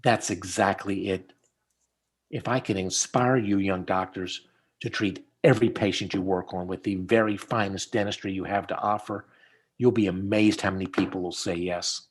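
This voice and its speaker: A man's voice: deep voice, normal speed, slightly rough. A middle-aged man, a dentist, walking a student through cases in casual teaching chat over a video call, telling stories as he goes. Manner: storytelling, animated when quoting people.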